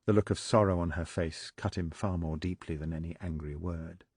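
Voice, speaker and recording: Deep-voiced male audiobook narrator. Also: steady tone, normal speed, darkish tone, husky, dry recording, clean studio sound. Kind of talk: scripted narration.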